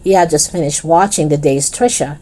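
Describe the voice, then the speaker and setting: Low-voiced woman reading a children's book. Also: a little fast, dark tone. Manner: playful asides to the reader. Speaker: storyteller.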